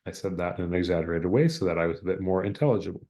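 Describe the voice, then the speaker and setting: A man teaches an online exam-prep class over a video call. His voice is deep and mellow. He talks in loose, halting stretches, often stopping to hunt for a word. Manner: hesitant, many fillers and word searches.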